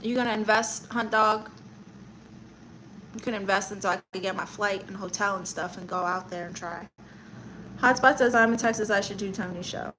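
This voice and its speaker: A woman's voice: mid-range voice, bright, forceful tone, a little hiss or hum, rough recording. A woman comedian hosting a casual livestream, reading viewer comments aloud and answering them with sassy, teasing banter. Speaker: livestream host reading chat; stand-up comedian.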